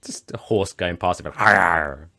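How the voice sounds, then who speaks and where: A man in his thirties talks in a lowish voice that swings up and down with lively pitch. He chats casually on a podcast and throws in playful, jokey asides. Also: brisk. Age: 30s.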